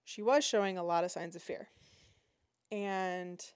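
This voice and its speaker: A woman hosting a podcast, telling a personal story in a lively, indignant way. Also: lowish voice, a little slow, clear, resonant tone. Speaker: podcast host. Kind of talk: casual storytelling.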